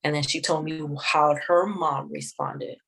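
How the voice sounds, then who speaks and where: A woman sharing a personal testimony in an interview, speaking in a measured, reflective way with many pauses. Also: sits low, fairly even intonation, creaky, fairly bright tone, poor audio. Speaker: guest sharing her testimony.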